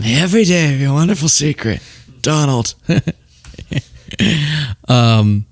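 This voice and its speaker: A man's voice: medium pitch, animated, takes it slowly, long pauses. A man hosting a political commentary show, talking casually with a sarcastic, laughing, mocking manner and a trace of a Southern US accent.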